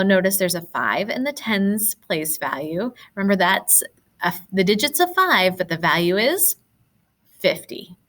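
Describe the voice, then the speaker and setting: Woman teacher, patient and encouraging, animated pitch, walks kids through answers. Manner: patient, encouraging, explaining step by step. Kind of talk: recorded classroom lesson.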